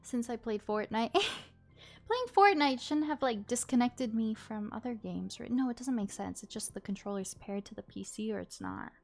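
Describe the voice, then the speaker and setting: A woman's voice: a little high, normal speed, gravelly, a little mellow. A woman streaming live, chatting casually with viewers while fixing tech trouble.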